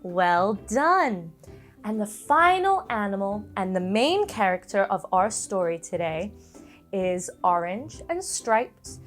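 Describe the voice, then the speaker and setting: Animated woman telling a children's story. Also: mid-range voice, slow pace, faint music behind. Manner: animated, coaxing, with gasps and playful animal noises.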